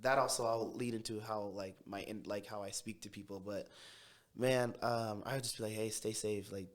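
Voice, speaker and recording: A young man from Tacoma, a podcast guest telling his story in a quick, brash, animated way. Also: on the low side. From Tacoma, Washington. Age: young adult. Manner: fast, brash city talker who speeds up when excited. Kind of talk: casual storytelling interview.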